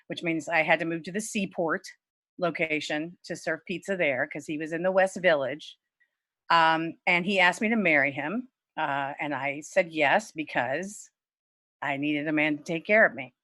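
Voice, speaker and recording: Animated, frank middle-aged woman storyteller. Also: normal speed, dry recording. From Lafayette, Louisiana. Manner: animated, candid, swears freely, voice leaps high when quoting herself. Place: home, virtual event. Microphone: video call.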